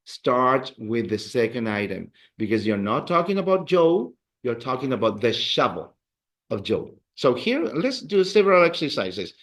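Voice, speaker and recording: A man's voice: mid-range voice, very animated, moderate pace, fairly bright tone. A man teaching a beginner Spanish class, patiently repeating words for drills and encouraging his students. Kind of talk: classroom language lesson.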